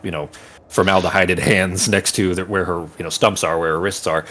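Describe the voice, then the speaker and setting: A man's voice: deep voice, steady tone, fairly quick, a bit bright. A man running a tabletop game as game master, rambling and searching for words while he describes scenes in vivid detail.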